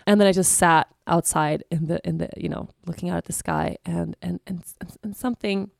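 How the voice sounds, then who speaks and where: A woman hosts a podcast with a reflective personal monologue, speaking candidly and searchingly about her feelings. Her gravelly voice sits on the low side, with fairly even intonation and a slightly fast pace. She often restarts, circles back, and says "you know", and the dry studio-quality recording has no room sound.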